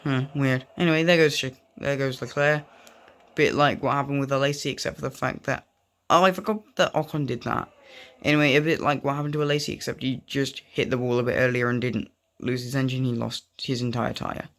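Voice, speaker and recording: Over footage of a racing game, a young man who makes gaming videos chats loosely and keeps drifting into tangents. He speaks briskly at a medium pitch, his tone steady and fairly bright.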